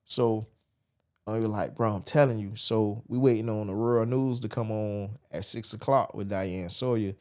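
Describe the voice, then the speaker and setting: A man's voice: lowish voice, moderate pace. Guy in his 40s, telling his story on a podcast, acts out everyone he quotes. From Miami, USA. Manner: animated storyteller acting out quoted voices. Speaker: podcast guest. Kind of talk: storytelling interview.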